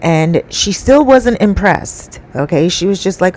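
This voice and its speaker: A woman with a somewhat low voice tells a story casually. She rambles in a chatty way, with many fillers and asides. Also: expressive, a little slow, darkish tone, rough recording.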